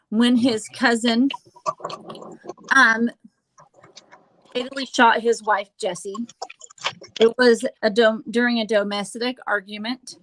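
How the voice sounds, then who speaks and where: A woman hosting a casual true-crime chat, halting with fillers and restarts and dropping sarcastic asides. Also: fairly high pitch, a bit bright, a little hiss or hum, low-quality recording. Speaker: host.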